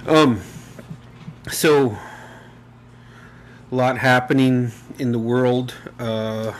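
A man's voice: medium pitch, fairly even intonation, very slow. Profane rambling male podcast host. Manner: profane, rambling, emotional, with fillers. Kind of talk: casual solo podcast monologue.

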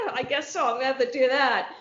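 A woman's voice: high voice, roomy sound, lo-fi sound, background noise. A young woman co-hosting a casual podcast, telling a story with lots of fillers and laughs. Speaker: podcast co-host. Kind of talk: casual chat among friends.

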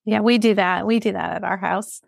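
Woman, mother, casual chatty tone, middle pitch, dry recording. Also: steady tone, fairly quick, gravelly, no room sound. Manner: chatty, talks in lists of options. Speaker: guest, mother of a big family. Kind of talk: casual chat.

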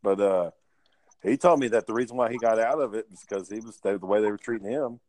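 Profane low-voiced man. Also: fast, a little mellow, dry recording. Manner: profane, storytelling, laid-back. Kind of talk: casual chat.

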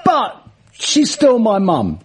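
Man, husky, animated storyteller, fairly high and lively. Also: slow pace. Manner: animated storyteller, laughs mid-sentence, acts out voices. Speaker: guest, comedian and musician. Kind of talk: casual anecdote-telling.

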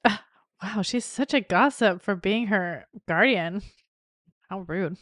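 A woman in a relaxed podcast chat about a TV episode, giggling easily between her remarks. Her voice sits at an ordinary middle pitch. It is recorded close and dry, with no room sound. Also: slow, no room sound. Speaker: podcast co-host. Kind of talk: casual TV commentary chat.

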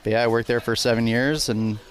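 A man's voice: mid-range voice, steady tone, a loud crowd. A man, a chef talking easily and plainly as a podcast guest. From Wisconsin. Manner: easygoing, plainspoken, slightly halting. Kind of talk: casual interview chat.

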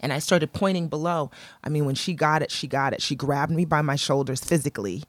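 A woman's voice: brisk, no echo. A woman telling a story in casual chat, acting out the people she quotes with a lifted voice. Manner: animated storyteller, acts out quotes in a higher voice. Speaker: entrepreneur guest.

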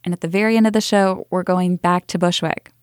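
A woman's voice: lowish voice, fairly even intonation, a little fast, clear, resonant tone, dry recording, clean studio sound. A woman hosting a podcast interview, talking in a candid, reflective way. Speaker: podcast host.

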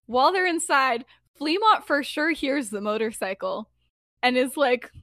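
A woman's voice: high voice, lively intonation, measured pace, bright, forceful tone, no room sound, clean studio sound. A young woman co-hosting a casual podcast, rambling and giggling through a fan story with lots of fillers.

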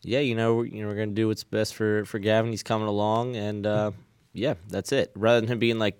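A man's voice: fairly low pitch, little pitch movement, fairly quick, darkish tone, clear, resonant tone, no room sound, clean studio sound. A man co-hosting a casual talk show, rambling and filling his talk with 'like'. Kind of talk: casual chat.

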